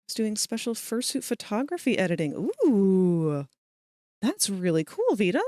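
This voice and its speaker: A woman's voice: medium pitch, very animated, normal speed, mellow, no room sound, clean studio sound. A young adult woman hosting a livestream, chatting casually with friends and laughing often. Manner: chatty, giggly, talks over friends. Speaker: livestream host. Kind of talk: casual stream chat.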